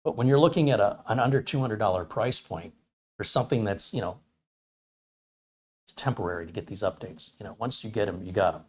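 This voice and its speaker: A man with a fairly low voice hosts a casual tech livestream. He chats easily with his viewers and reads out their comments. His delivery is loose and rambling, and he often thinks aloud. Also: darkish tone.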